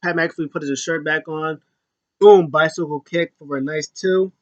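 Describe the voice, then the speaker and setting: An excitable man talks through a wrestling match blow by blow, casual and animated. His voice sits a little high for a man and sounds dry and close to the mic, with no room around it. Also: moderate pace, no room sound, muffled recording. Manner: excitable, acts out wrestlers' lines in raised voices. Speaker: wrestling show reviewer. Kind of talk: casual play-by-play recap.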